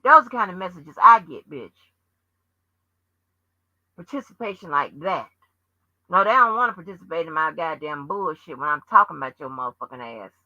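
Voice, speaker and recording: A woman on her channel, scolding and cussing through a heated rant. Her voice is piercingly bright and tense. The sound is dull and lo-fi, very dry and close. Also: low-pitched, expressive, fairly quick, long pauses, no room sound. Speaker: channel host. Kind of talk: profane livestream rant.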